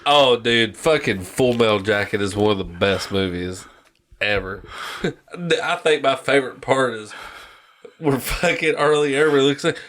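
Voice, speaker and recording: A man's voice: medium pitch, a little slow. A man hosting a podcast in casual chat, ranting and telling stories with lots of swearing. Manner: profane, ranting, animated storytelling. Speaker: podcast host.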